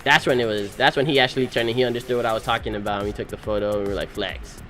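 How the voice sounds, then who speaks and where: A young man, recently married, narrating his wedding photos in animated, slangy, casual storytelling. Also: medium pitch, soft background music. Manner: animated, slangy storytelling with quick voice-acted quotes. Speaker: groom.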